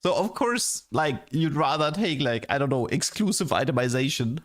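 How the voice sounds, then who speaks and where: Exasperated male streamer, fairly high voice. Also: normal speed. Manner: animated, exasperated ranting with frequent "like" and restarts. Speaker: game streamer. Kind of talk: casual livestream commentary.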